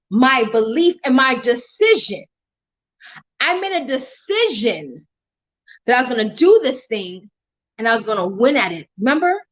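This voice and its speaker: A woman with a bright, high voice gives a faith testimony to her live-stream viewers. She talks with a preacher's emphasis and breaks into laughter often. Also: rough recording. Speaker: motivational speaker on a live stream.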